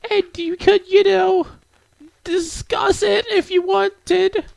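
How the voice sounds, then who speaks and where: A man's voice: very high voice, little pitch movement, takes it slowly, creaky, a little mellow, no room sound, pitched above the performer's own voice, full character voice, rough recording. A man voicing a timid, bookish teenage girl who stammers and hesitates. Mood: shy.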